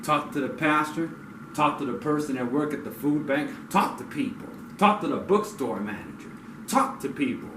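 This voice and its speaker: A man's voice: a little high, animated, normal speed. Man, blunt, profane, heated rants, distant mic, roomy echo. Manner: blunt, profane, rising to angry outbursts. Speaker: community speaker. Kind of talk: impassioned street talk. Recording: echoey, distant mic with noise.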